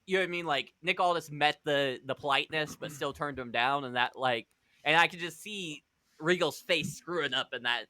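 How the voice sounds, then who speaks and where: A man's voice: a little high, bright, forceful tone, no room sound. A man hosting a casual podcast, narrating backstage scenes and arguing over scores with a laugh and the odd swear. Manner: quick, defensive, laughing, swears. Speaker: podcast host, storyteller of a fantasy wrestling league.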